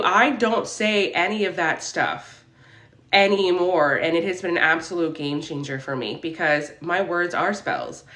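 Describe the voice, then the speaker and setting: A woman's voice: lowish voice, fairly bright tone, reverberant. A woman hosting a casual livestream from her room as a spiritual reader, reading viewer comments aloud in an upbeat, affirming way. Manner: upbeat and affirming, preachy about mindset.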